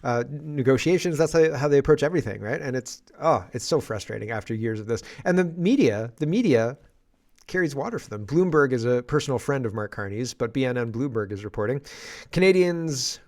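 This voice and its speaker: A man hosting a political commentary stream, rambling and sarcastic. He sounds exasperated as he talks, his voice at an ordinary middle pitch. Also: lively intonation, a little fast, darkish tone.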